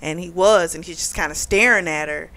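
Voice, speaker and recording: A woman's voice: fairly low pitch, brisk, bright, forceful tone. A woman hosting a casual book review, retelling the plot in a chatty way with lots of "like" and "you know.".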